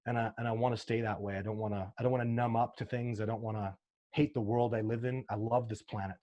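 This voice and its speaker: A man's voice: on the low side, little pitch movement, fast talker, mellow, lo-fi sound. A man being interviewed as a sasquatch researcher, talking earnestly and emotionally, with frequent restarts as he tells his stories. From Canada. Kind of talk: casual interview talk.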